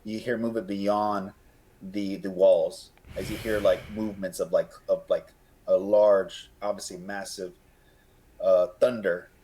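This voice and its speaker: A man runs a tabletop game, describing scenes in a loose, rambling way, restarting phrases as he goes. His voice sits fairly low. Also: little pitch movement, a little slow, dark tone, a little hiss or hum, poor audio. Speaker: game master.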